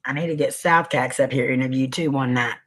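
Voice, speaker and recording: A man's voice: medium pitch, steady tone, fairly quick, fairly bright tone. A man hosting a casual livestream. He chats with viewers, greets them by name and sniffles now and then. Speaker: livestream host.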